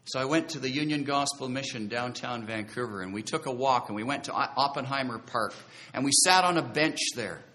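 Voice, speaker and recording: A man's voice: mid-range voice, fairly quick, bright, forceful tone. A man preaching a sermon, telling his own conversion story in an earnest, conversational way and drawing out key phrases for emphasis. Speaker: preacher giving his testimony.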